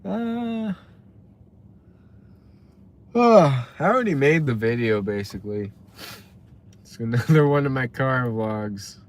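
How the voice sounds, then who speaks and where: A young man with a medium-pitched, animated voice chats casually on a live stream at normal speed. He rambles while reading the chat, greeting viewers by name.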